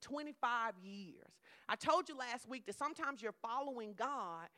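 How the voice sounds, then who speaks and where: Bright-voiced woman preaching a lively sermon. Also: fairly high pitch, moderate pace. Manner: lively, conversational preaching with humor.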